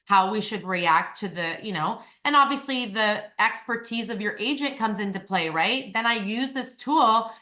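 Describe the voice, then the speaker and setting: A woman real estate agent talking as a podcast guest over a video call, chatty and animated with lots of fillers. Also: mid-range voice, moderate pace, hardly any pauses. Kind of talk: casual interview chat.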